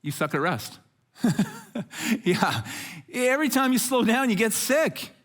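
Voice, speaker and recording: A middle-aged man preaching a conversational sermon as pastor, telling stories with jokes and lively asides. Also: very high-pitched, unhurried. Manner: jokey, animated storytelling with asides.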